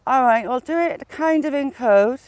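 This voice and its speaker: A woman with a mixed regional English accent hosts a casual walk-and-talk livestream out in the countryside, greeting viewers by name as she chats. Her voice sits high and is a little mellow, at normal speed, with no echo.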